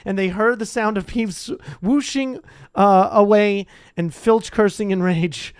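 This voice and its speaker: Brief: relaxed home reader, mid-pitched, chatty and rambling, close dry mic. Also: unhurried, smooth, no room sound. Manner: chatty, rambling, self-correcting. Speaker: audiobook reader. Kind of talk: casual read-aloud with asides.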